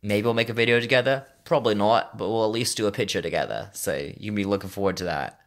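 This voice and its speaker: A man talking slowly and pausing to think in a casual, unscripted vlog, recorded on a phone in his bedroom with a sore mouth. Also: lowish voice, a bit bright. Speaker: vlogger.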